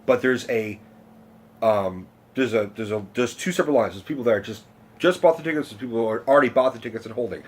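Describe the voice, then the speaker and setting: A man telling a long personal story in a casual vlog rant, rambling and excitable, swearing often and restarting his sentences. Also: mid-range voice, quick pace, slight background noise. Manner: rambling, excitable, profane, many fillers and restarts. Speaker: vlogger.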